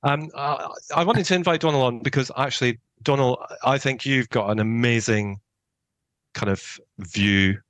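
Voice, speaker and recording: A man's voice: mid-range voice, normal speed, fairly bright tone, no room sound. A man co-hosting a podcast, chatting casually in a rambling, self-deprecating way. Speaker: podcast co-host.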